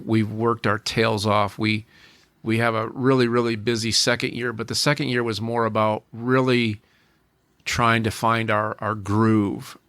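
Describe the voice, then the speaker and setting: Low-voiced man telling an earnest story. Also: fairly bright tone, no echo. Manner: earnest, repeats and restarts phrases. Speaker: podcast guest. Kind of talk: personal storytelling.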